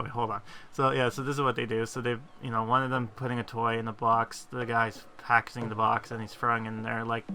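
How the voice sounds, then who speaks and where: This gaming video host talks in a bright, forceful, mid-range voice while he plays a game. His commentary is casual and meandering, full of fillers and jokes at his own expense.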